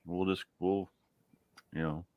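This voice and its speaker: A man's voice: low-pitched, fairly even intonation, takes it slowly, phone-quality sound. A man hosting a live chat from his garage, easygoing, chuckling often and trailing off mid-sentence. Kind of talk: casual chat.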